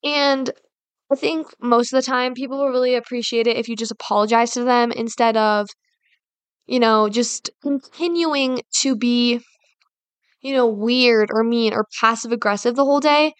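A woman's voice: a little high, normal speed, clean tone, no echo. A woman hosting a casual advice talk, rambling and filling her sentences with "like" and "you know". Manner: rambling, heavy use of fillers like "like" and "you know". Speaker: podcast host.

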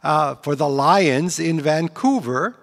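A male event host reads out a measured introduction of the evening's speaker. His voice sits a little above the usual male range. He is heard in a big auditorium with a long, echoing reverb. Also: on the high side, vocal fry.

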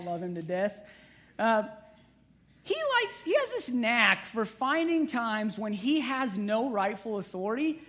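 High-voiced pastor giving a joking sermon. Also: male voice, fairly bright tone. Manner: conversational, humorous, with playful asides to the congregation.

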